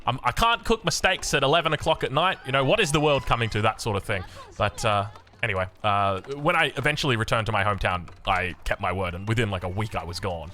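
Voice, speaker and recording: An Australian man casting a strategy game, rambling excitably into anecdotes with lots of restarts. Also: fairly low pitch, quick pace. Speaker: game caster.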